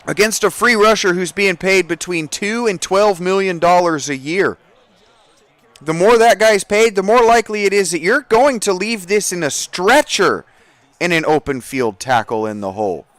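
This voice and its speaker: A man narrating his own football video game in a loose, profane rant, dropping to low mutters and then bursting out loud. His voice sits a little high for a man. The sound is dry and close, with no room around it. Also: normal speed, no room sound. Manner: profane, excitable, ranting. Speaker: gaming streamer. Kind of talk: casual gameplay commentary.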